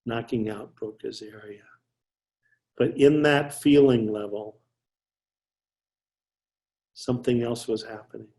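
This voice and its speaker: A man's voice: medium pitch, darkish tone. Older man telling clinical stories. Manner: anecdotal, repeats himself and restarts mid-sentence. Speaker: psychiatrist guest. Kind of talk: casual storytelling interview.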